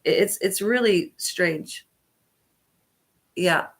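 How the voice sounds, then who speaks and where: A congested woman hosts her own vlog, speaking to camera in a husky, fairly low voice with drawn-out words. Her personal talk rambles and hesitates, and she often corrects herself mid-sentence.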